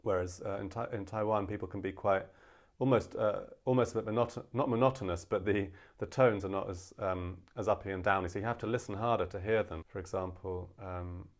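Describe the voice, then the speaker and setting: A man teaching a casual language lesson, explaining with many fillers and slowing down to demonstrate pronunciations. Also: low-pitched.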